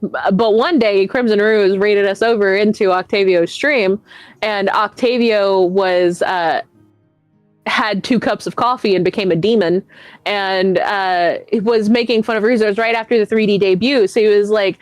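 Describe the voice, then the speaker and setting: A woman's voice: mid-range voice, fairly even intonation, moderate pace, no room sound, faint music behind. A woman guest on a chat stream, telling stories in a rambling, self-mocking way with a lot of swearing. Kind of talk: casual chat.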